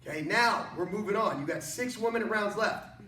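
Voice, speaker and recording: A high-voiced man teaching an online martial arts class from his studio, energetic and joking as he coaches. The room is echoey and he stands well back from the mic. A faint hiss sits under the voice. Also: fairly quick, recorded from a distance. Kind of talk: online workout class instruction.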